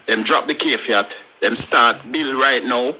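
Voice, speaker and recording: Bright-voiced Jamaican man in patois. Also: medium pitch, a little slow, slight background noise, rough recording. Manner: talks in patois, recounting at length. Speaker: caller on a live stream. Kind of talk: casual chat.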